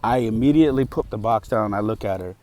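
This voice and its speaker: Lower-voiced man telling a heated story. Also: fast talker, dark tone. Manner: emphatic, heated, with frequent fillers. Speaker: podcast host. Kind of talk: casual storytelling monologue.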